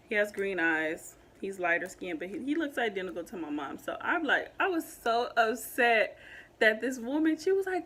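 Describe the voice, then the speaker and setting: A young woman in a casual storytime vlog, talking animatedly with many fillers and growing loud when upset. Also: mid-range voice. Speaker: vlogger telling a story.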